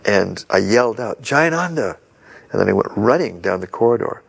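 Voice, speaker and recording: A man's voice: fairly low pitch, fairly even intonation, fairly quick, creaky, husky. An older man in an interview, earnestly telling a story from memory. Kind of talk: reminiscing interview.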